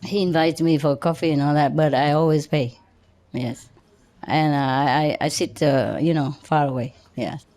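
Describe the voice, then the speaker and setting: A woman's voice: sits low, steady tone, warm tone. Laughing woman telling stories. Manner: halting, many restarts and chuckles. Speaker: spiritual teacher. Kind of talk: personal storytelling to an audience.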